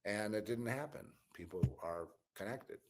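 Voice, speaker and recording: A man hosting his own channel, delivering a rambling spiritual and political monologue with a weary, exasperated tone, drifting at times into low mutters and whispers. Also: lively intonation, moderate pace, background noise. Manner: meandering, musing, drops into low mutters and whispers. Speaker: channel host.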